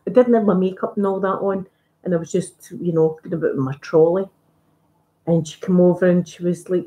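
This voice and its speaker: Chatty Scottish woman, mellow voice. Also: on the low side, fairly quick, dull audio. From Scotland. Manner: chatty, rambling, self-deprecating. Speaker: ASMR YouTuber. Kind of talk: casual live-stream chat. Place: at home, ironing. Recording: echoey room.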